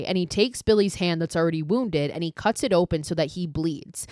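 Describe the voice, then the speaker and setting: A woman hosting a podcast recaps a film in a chatty, casual way, swearing freely and saying "like" a lot. Her voice is on the low side and darkish, at a moderate pace with hardly any pauses, in a dry, clean studio recording.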